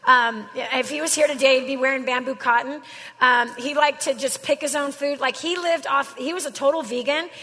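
Woman speaker, higher voice, slangy casual sermon, long hall echo. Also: sharp tone. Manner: slangy, chatty storytelling. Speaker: Christian speaker.

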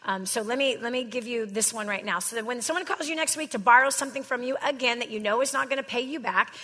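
Woman, seminar speaker, lively and rhetorical, somewhat high voice, forceful bright tone, long room reverb. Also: fast. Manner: animated, rhetorical, often laughing. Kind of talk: motivational seminar talk. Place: seminar room with a live audience. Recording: reverberant hall sound.

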